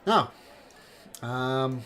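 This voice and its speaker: A man narrating a tabletop game as game master, halting with fillers and restarts. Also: medium pitch, lively intonation, bright, forceful tone.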